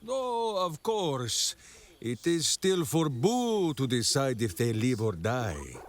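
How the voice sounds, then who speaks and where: This is video game character dialogue: an actor plays a boastful warrior-ranger, loud and grandiose, who names himself in the third person. His delivery is medium in pitch, sing-song, and slow-paced, and game music plays faintly underneath.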